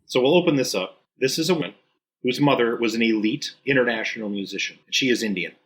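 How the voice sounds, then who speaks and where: A man with a Minnesota accent co-hosts a casual podcast. His voice is bright and a little sharp, and his delivery is dry, blunt and dismissive. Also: mid-range voice, fast. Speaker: podcast co-host. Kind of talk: casual chat.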